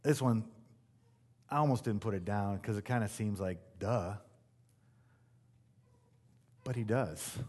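A man's voice: fairly low pitch, slow pace, long pauses, a little mellow, breathy edge. Conversational, emphatic male pastor preaching. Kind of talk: sermon.

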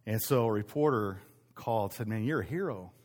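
A man's voice: lowish voice, expressive, fairly quick, a little mellow. A man pastor giving a casual, conversational sermon, telling stories with frequent restarts in a church meeting room. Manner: conversational storytelling, self-interrupting restarts.

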